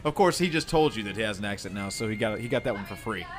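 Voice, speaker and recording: A man's voice: on the low side, lively intonation, very fast, over music. A man hosting a podcast quiz game, teasing the players and laughing often. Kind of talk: casual banter.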